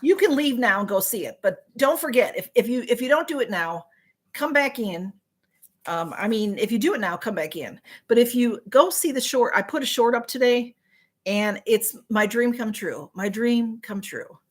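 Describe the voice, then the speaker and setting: A middle-aged woman with a Southern US accent hosts a livestream, her voice on the high side, husky and animated at a normal speed. She chats casually with viewers, reading out their comments in a rambling way.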